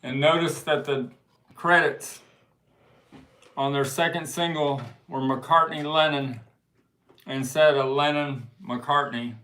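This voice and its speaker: A man hosting a casual livestream, showing and pricing records from his collection in an unhurried show-and-tell manner. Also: fairly high pitch, fairly even intonation, bright, forceful tone, low-quality recording. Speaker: livestream host selling records. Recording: faint background noise.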